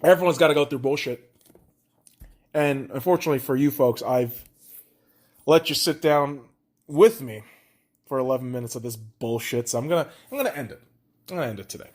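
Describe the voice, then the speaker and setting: A man's voice: mid-range voice, brisk, pauses often, a little mellow. A man hosting his own podcast alone, talking in a profane, rambling, self-deprecating way. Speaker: podcast host. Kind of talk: casual solo podcast monologue.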